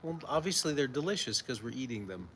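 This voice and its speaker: A man's voice: mid-range voice, animated, quick pace, very noisy. A man co-anchoring a morning TV news show, reading news items and giving dry, laid-back replies in banter.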